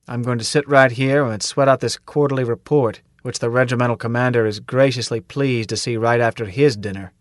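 A man's voice: medium pitch, no room sound, lightly acted. A man voicing a hard-driving army drill sergeant with a dry, weary grumble.

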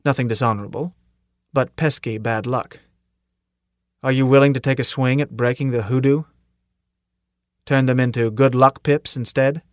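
A man's voice: medium pitch, steady tone, normal speed, long pauses, no room sound, studio quality, close to an everyday voice. A man voicing a stern old military commandant. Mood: commanding. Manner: clipped, authoritative, with pointed questions. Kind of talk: audiobook character reading.

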